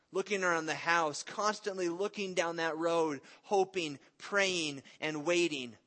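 A man's voice: on the high side, fairly bright tone. A man in his thirties preaching a sermon in an earnest, conversational way, mixing in stories about his family. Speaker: pastor.

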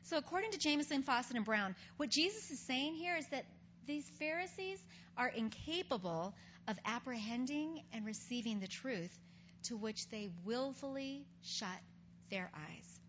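A woman's voice: sits high, animated, normal speed, a bit bright. A woman giving a conversational Bible teaching, earnestly retelling scripture stories in everyday speech. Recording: dull recording with faint hum.

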